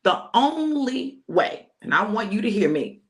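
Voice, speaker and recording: On a live stream, a middle-aged pastor and prophetic speaker gives a casual sermon at a slightly slow pace. Addressing the crowd as y'all, she keeps it conversational and folksy but preachy, and her emphatic, lively voice lifts to a high pitch for stress.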